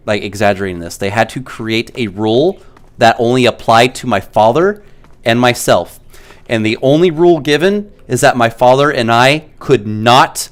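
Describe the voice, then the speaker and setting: A man with a smooth, resonant voice, chatting casually to viewers while streaming a game. He tells stories in an animated way, full of "like" fillers. His pitch sits in an ordinary middle range. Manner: animated storyteller, many "like" fillers. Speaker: gaming streamer.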